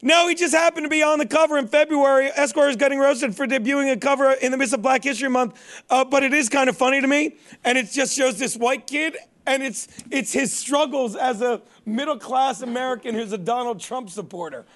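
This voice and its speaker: A man's voice: very high-pitched, brisk, a bit bright. A man hosting a comedy talk show, rambling and joking at his own expense. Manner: rambling, joking, self-mocking. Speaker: show host.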